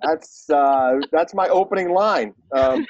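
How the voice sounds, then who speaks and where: A man's voice: on the high side, slow pace, lo-fi sound, a crowd in the background. A man from Brooklyn with a New York accent, a podcast guest who talks hesitantly with a self-deprecating humor. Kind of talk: casual chat.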